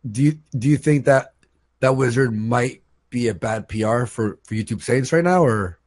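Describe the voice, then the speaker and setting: A man's voice: medium pitch, moderate pace, a little mellow. A man hosting a live stream, telling stories in a rambling, casual way. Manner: rambling storytelling with fillers. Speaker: stream host.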